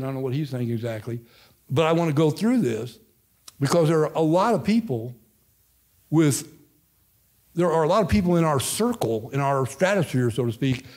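A man's voice: medium pitch, dark tone. A man in his fifties, a Midwestern American pastor emeritus, teaching an informal Bible study to a church class in a folksy, rambling way, breaking off and restarting his sentences. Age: 50s. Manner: folksy, rambling, self-interrupting.

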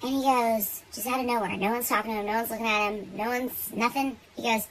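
A young woman telling a story in casual, animated chat, swearing freely and getting worked up. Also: a little high, fast talker, few pauses, a little hiss or hum, rough recording. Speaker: beauty vlogger.

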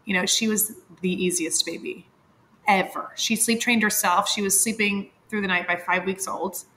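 A woman's voice: medium pitch, steady tone, normal speed, sharp tone, slight background noise. A woman in her thirties, a podcast guest, telling a personal story candidly and with feeling, laughing often and using many fillers.

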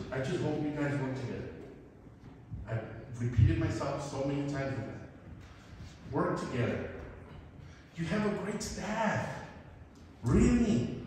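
A man's voice: high-pitched, a little mellow. A man making an emotional, pleading public comment to a city council. He has a big, strong voice and repeats himself. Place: large council chamber. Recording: echoey hall, distant mic, faint noise.

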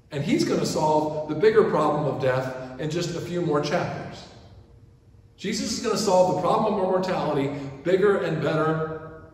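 A man preaching a sermon as pastor, shifting from loud quoted pleas to hushed asides. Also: high voice. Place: large church sanctuary. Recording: echoey church from far off.

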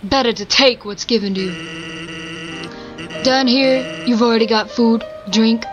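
A woman's voice: on the high side, a little slow, over music, natural voice. A woman voicing a laid-back, joking male skeleton sentry as she reads game dialogue aloud.

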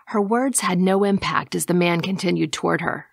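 A woman narrating an audiobook in a measured, even reading, dropping to a hush at times. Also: fairly low pitch, vocal fry, dry recording, clean studio sound.

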